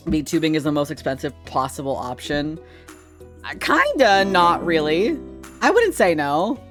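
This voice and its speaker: A man's voice: a little high, lively intonation, slow, pauses often, fairly bright tone, faint music behind. A man streaming live, chatting casually with viewers in a rambling way, laughing often and swearing freely.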